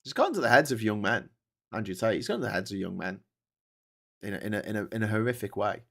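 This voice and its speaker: A man's voice: on the low side, animated, quick pace, vocal fry, a bit bright. A man hosts a casual commentary stream, reacting to viewer comments. He talks in an indignant, rambling rant, peppered with swearing. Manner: indignant ranting with constant swearing. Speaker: host.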